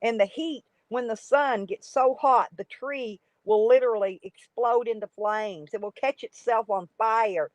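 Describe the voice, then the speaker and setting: A woman's voice: a little high, a little slow, hardly any pauses, no room sound. Chatty woman on a livestream. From United States. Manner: rambling, chatty, greets viewers by name. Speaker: livestream host. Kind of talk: casual live chat reading comments. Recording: dry, dull lo-fi stream audio.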